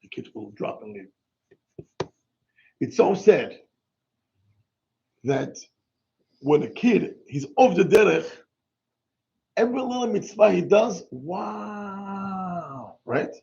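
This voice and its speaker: Animated rabbi preaching. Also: male voice, high voice, slow, creaky, long pauses. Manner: animated, emphatic, exclaiming, mixing in Hebrew words. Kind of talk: sermon. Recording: dull lo-fi recording.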